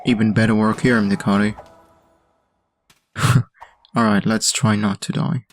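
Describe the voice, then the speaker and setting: Young german-accented guy doing let's-play commentary, low voice, lots of ums, slow going. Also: little pitch movement, background noise. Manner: halting, with many pauses and fillers. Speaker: host reviewing community game levels.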